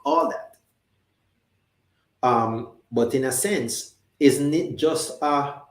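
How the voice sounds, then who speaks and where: A man's voice: fairly low pitch, echoey room. A man with a Jamaican accent hosting a live talk show, chatting conversationally and reading out viewer comments. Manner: conversational, reads viewer comments, many restarts and fillers.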